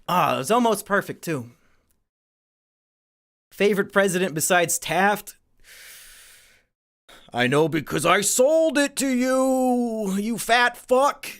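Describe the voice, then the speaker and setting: Dude on a livestream reading donations, swears a lot, snarky, kinda high voice. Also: male voice, a bit bright. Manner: crude, profane and sarcastic. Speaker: streamer answering viewer donations. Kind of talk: casual livestream Q&A.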